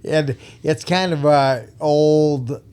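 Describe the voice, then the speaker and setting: An older man who retired from the police force tells stories casually into a podcast mic, blunt and emphatic, laughing often. His voice sits on the higher side, moves slowly, and has a dark yet clean tone.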